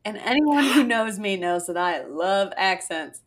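Animated young woman telling a story. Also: mid-range voice, unhurried. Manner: animated storyteller, swears casually, laughs often. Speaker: podcast co-host. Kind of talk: casual chat, storytelling.

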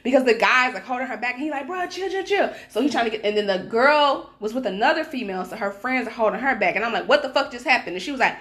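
A young woman telling a wild night-out story in casual podcast chat, animated and profane, acting out the people she quotes. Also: fairly high pitch, rapid-fire, few pauses. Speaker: podcast co-host.

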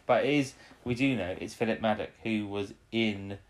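A man's voice: lowish voice, normal speed. A man co-hosting a casual chat about an episode. He laughs often and acts out the characters' lines. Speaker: podcast co-host.

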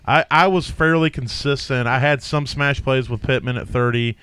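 A man's voice: medium pitch, normal speed, fairly bright tone, clean tone, no echo. A man co-hosting a casual podcast chat, talking hesitantly with frequent restarts and laughter. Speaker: podcast co-host. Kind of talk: casual fantasy sports chat.

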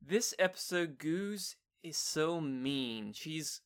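A man in his twenties hosting a podcast, chatting casually in a relaxed way about a series he reviews. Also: fairly high pitch, slow pace, clear, resonant tone. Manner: relaxed, chatty, trails off and restarts. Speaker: podcast host.

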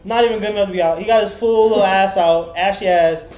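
Talking fast in a high-pitched, steady voice with a darkish tone, this podcast co-host tells a meandering story full of swearing. He chats casually and performs the voices of those he quotes, and the recording sounds roomy.

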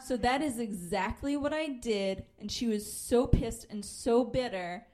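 Woman comedian, thirties, from Pennsylvania, animated storytelling, swears a lot, slightly high voice. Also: unhurried. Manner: animated, acts out quoted voices, swears freely.

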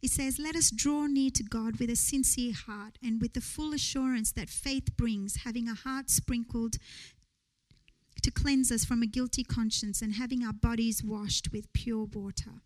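A woman's voice: fairly high pitch, fairly even intonation, normal speed, darkish tone, rough recording. A woman preaching a sermon in church, earnest, building to rising rhetorical questions.

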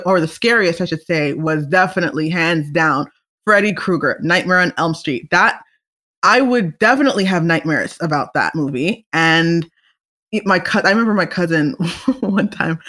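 A young woman hosts a solo talk show, chatting casually and rambling, often laughing and restarting her sentences. Her voice is fairly low in pitch with a bit of brightness.

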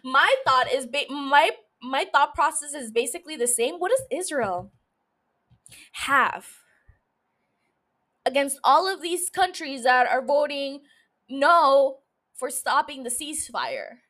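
High-pitched woman ranting on her solo podcast from her room, bright voice, cusses a lot, super expressive. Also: takes it slowly. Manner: blunt, swears a lot, emotional, gushing. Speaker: podcast host. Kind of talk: casual solo podcast talk. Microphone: studio mic.

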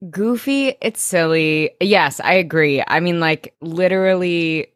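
A woman's voice: on the low side, no echo, clean studio sound. A woman co-hosting a podcast in casual chat, talking with gushing enthusiasm. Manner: enthusiastic, gushing, quick agreement. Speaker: podcast co-host. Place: Chicago.

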